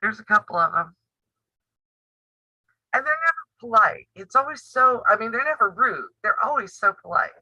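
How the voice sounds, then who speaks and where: A woman in her fifties chats live with her viewers, blunt and teasing, laughing often. Her voice is very bright and sharp. It sounds dry and a little dull, like a modest home mic. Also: a little high, lively intonation, normal speed, long pauses, no room sound. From United States. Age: 50s. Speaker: sewing and quilting channel host. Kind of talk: casual live-stream chat.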